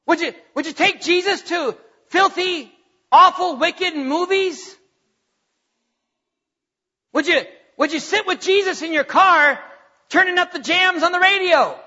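A man's voice: very high-pitched, a little slow, long pauses, sharp tone. A man preaching a sermon as pastor, firing off emphatic rhetorical questions, often breaking into laughter. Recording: long hall reverb, dull lo-fi sound.

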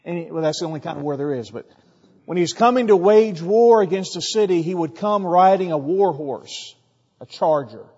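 A man's voice: high-pitched, darkish tone, breathy edge. A man preaching a sermon in an emphatic way, acting out the voices of the crowd. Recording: reverberant hall, dull lo-fi sound.

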